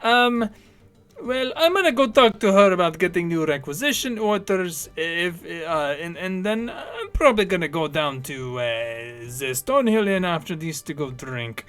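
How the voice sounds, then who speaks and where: A man's voice: sits high, expressive, moderate pace, a bit bright, clean tone. A man voicing a nervous, fretful man who hesitates and fumbles over his words. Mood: flustered.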